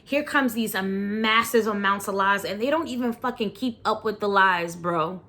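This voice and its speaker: A woman's voice: medium pitch, moderate pace, fairly bright tone. Blunt, slangy woman vlogger. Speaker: documentary reaction vlogger. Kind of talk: casual reaction commentary.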